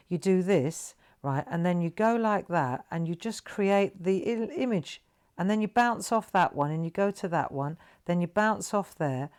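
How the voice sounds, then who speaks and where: A woman's voice: on the low side, a little mellow. A woman hosting a live craft tutorial, chatting and encouraging viewers as she draws. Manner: chatty, encouraging, talks to viewers while drawing. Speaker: craft show host.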